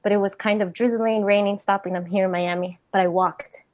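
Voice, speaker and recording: Animated woman sharing a personal story. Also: medium pitch, brisk. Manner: animated storytelling with laughter and sudden hushed moments. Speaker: retreat participant sharing a question. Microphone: video call.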